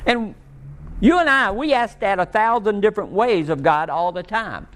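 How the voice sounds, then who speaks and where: A man preaching a sermon, rising and pleading at times, then dropping low and soft to tell a story. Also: lively intonation, moderate pace. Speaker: pastor.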